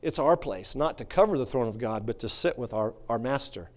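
A male pastor preaching a sermon, swinging from quiet musing to fervent shouting. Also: mid-range voice, expressive, a little fast.

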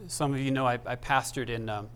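Halting, emotional male pastor preaching. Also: mid-range voice, steady tone, a bit bright, a little hiss or hum. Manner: halting, emotional delivery with many restarts. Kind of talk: sermon. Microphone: microphone.

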